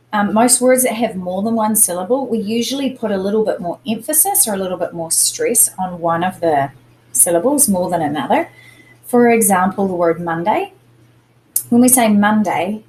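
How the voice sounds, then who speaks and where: A woman's voice: medium pitch, a little mellow, slight background noise, rough recording. A woman teacher giving a recorded lesson to young students, speaking patiently and repeating example words to show where the stress falls.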